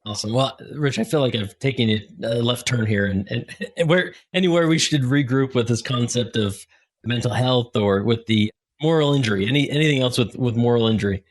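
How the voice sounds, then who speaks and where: A man with a husky, slightly breathy voice hosts a relaxed podcast conversation. He speaks at a middling pitch and gets animated, slipping into little acted-out quotes as he goes. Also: a little fast. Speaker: podcast host. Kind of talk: casual conversational interview.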